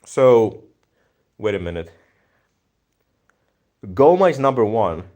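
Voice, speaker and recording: Greek accent guy streaming, chill and slangy, kinda low voice, thinks out loud. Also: sing-song, slow pace, muffled recording. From Greece. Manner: laid-back, slangy, thinks aloud with many fillers. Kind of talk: casual live-stream chat reading viewer comments.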